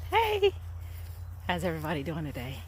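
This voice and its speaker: This homestead vlogger's voice sits low and moves a little slowly, with slight background noise behind it. Outdoors on a rural hillside farm, she talks casually and enthusiastically to her handheld phone, saying "y'all" again and again.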